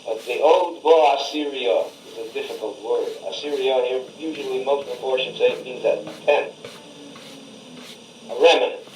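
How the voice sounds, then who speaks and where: An older man, a rabbi, giving a Torah class, who chants Hebrew phrases slowly and then explains them in a conversational tone. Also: mid-range voice. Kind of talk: Torah lecture, translating Hebrew verses line by line. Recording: roomy recording from a distance with faint hiss.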